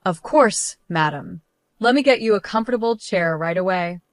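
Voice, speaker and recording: A woman's voice: lowish voice, expressive, moderate pace, no echo, lightly acted. A woman reading the lines of a polite, professional male restaurant manager. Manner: courteous, polite.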